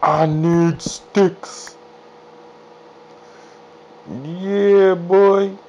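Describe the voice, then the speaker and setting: A man casually commentating his own gameplay, chatty and self-deprecating, jumping into excited high yelps. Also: drawn-out words, slight background noise, poor audio. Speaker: let's play gamer.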